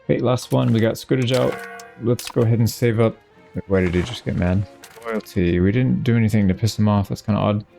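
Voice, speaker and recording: A man with a gravelly, rather deep voice talks his way through a strategy game in a relaxed let's play. He muses aloud and gets openly puzzled when things go wrong. His tone is dark and mellow over faint background music. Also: a little fast. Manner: thinking aloud, musing and puzzled. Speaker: gaming channel host. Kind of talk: casual let's play commentary.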